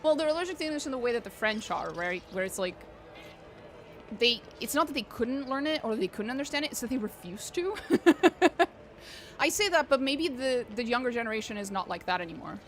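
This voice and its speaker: A woman's voice: fairly high pitch, expressive, fairly quick, a bit bright, a little hiss or hum. Chatty young woman streamer, swearing casually. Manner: chatty, swearing, laughing often. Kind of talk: casual chat while gaming.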